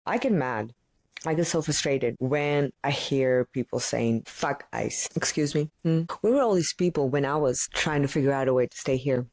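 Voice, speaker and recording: A Greek-born woman, native speaker of Greek, hosting her own podcast and telling her story in an opinionated, animated way. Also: rumbling low, normal speed, dry recording, studio quality. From Greece. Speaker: podcast host. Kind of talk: solo podcast monologue.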